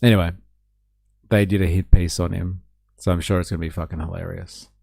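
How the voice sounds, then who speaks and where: A man's voice: deep voice, flat delivery, fairly quick, gravelly, warm tone, dry recording, studio quality. A man hosting a live stream, giving sarcastic, sweary reaction commentary. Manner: sarcastic, swearing, laughing often.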